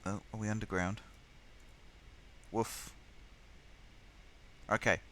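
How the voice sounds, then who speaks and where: A man's voice: on the low side, little pitch movement, slow, pushed and bright, a little hiss or hum. A man streaming live, muttering and thinking aloud as he plays, and easily exasperated. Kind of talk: live gameplay commentary.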